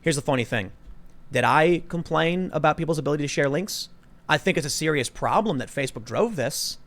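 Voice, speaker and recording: A man's voice: fairly high pitch, expressive, fairly quick, fairly bright tone. Emphatic man hosting a political podcast. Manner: emphatic, argumentative. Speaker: podcast host. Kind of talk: casual political chat.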